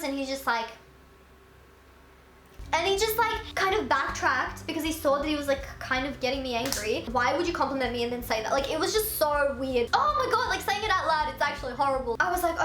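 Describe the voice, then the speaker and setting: A young woman telling a storytime vlog in a chatty, animated way, full of "like". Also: high-pitched, normal speed, reverberant. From Australia. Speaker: YouTuber.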